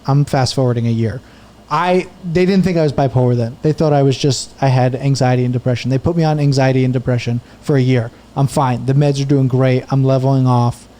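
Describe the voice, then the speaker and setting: A man in his thirties hosting a podcast, telling a story in a casual, animated way and swearing often. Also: mid-range voice. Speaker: podcast host and comedian.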